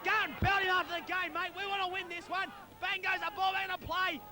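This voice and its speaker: A man with a very high voice calls a local footy match, barracking hard for his side and yelling advice at the players. He is outdoors at a suburban ground, recorded on amateur video with traffic in the background. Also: level tone, fast. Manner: partisan, shouts encouragement to players. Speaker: club commentator. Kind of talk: amateur football commentary.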